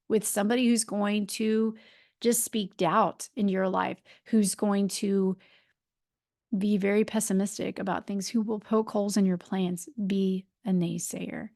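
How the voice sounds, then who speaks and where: A woman's voice: mid-range voice, steady tone, moderate pace, a little mellow, dry recording, studio quality. A woman in her forties hosting a solo podcast, talking in a chatty, rambling way with many fillers and restarts. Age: 40s. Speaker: podcast host and life coach. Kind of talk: casual solo podcast talk.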